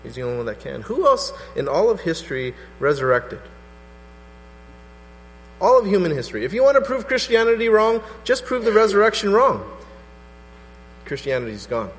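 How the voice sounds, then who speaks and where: A man preaching a sermon as pastor, animated and acting out skeptical voices. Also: high-pitched, normal speed, pauses often. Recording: hall reverb with faint mains hum.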